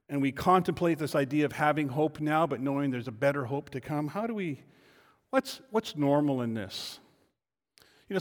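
High-voiced pastor preaching in reverberant hall. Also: male voice. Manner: builds from quiet reflection to loud emphatic declarations; rhetorical questions answered in turn. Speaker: lead pastor. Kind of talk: sermon. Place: church sanctuary.

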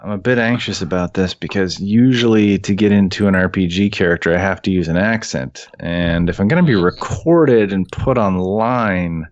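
A man with a lowish voice jokes and frets animatedly as a podcast co-host. His sound is dull and lo-fi with a dead-dry room. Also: moderate pace, hardly any pauses, no echo. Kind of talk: casual chat.

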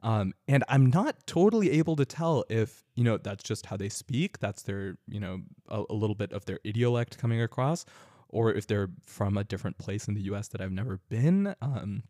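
Young Californian man, casual storyteller, lowish voice, dry close mic. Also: moderate pace, dry recording. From California, United States. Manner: relaxed, chatty, frequent fillers and laughter.

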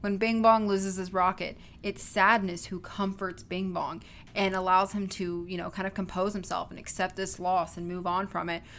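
A woman with a middle-pitched voice talks casually about a film, explaining her ideas in a loose, chatty flow. There is a faint low rumble in the background. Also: little pitch movement, normal speed, fairly bright tone. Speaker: co-host discussing a film. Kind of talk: casual chat.

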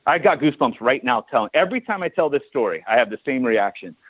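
A man's voice: medium pitch, very animated, fast talker, slightly rough, no echo. A man in his forties from California, a chiropractor guest telling a story in a casual interview and acting out the dialogue. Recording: tinny phone-like dry line.

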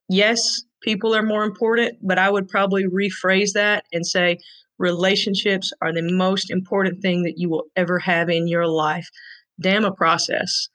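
A woman's voice: on the low side, a bit bright, low-quality recording. A woman, a guest telling an emotional story in an earnest, frank way. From Tennessee, USA. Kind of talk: heartfelt storytelling.

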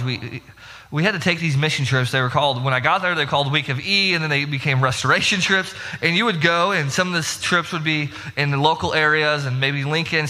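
A man's voice: fairly high pitch, bright, forceful tone, long reverb tail. A young man preaching a sermon, telling a story against himself and building to emphatic rhetorical questions. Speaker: pastor.

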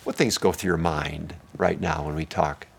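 A man preaching a sermon as pastor, swinging between hushed, intimate lines and loud, emphatic ones. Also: extremely low pitch, steady tone, normal speed, vocal fry, slight background noise.

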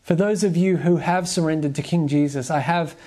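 A preacher giving a sermon in an earnest, measured way, reading scripture aloud and putting direct questions to the listeners. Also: mid-range voice, mellow.

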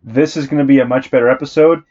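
A man's voice: medium pitch, fairly even intonation, fast talker, mellow, highs cut off. A man co-hosting a podcast in casual chat, laid-back and joking. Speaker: podcast co-host.

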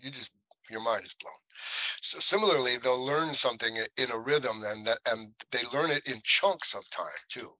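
A man's voice: mid-range voice, moderate pace, dry recording, poor audio. A man, an actor, telling stories in a casual interview and animatedly acting out what others said. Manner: animated, acts out other people's lines. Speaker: actor guest.

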